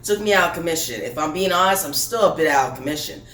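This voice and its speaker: A man's voice: fairly high pitch, animated, fast, sharp tone. A man voices a sly male clown villain hiding under a hood, his menace read plainly rather than acted. The room sounds echoey and the mic is distant. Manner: reads quoted lines in a plain voice. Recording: roomy, distant mic, faint music.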